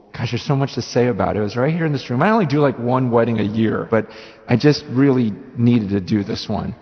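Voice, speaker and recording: A man preaching a sermon as a pastor, telling a story with lively, acted-out quotes. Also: mid-range voice. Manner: animated storytelling, acting out voices in quotes. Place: church hall. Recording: roomy hall reverb, dull audio, faint music.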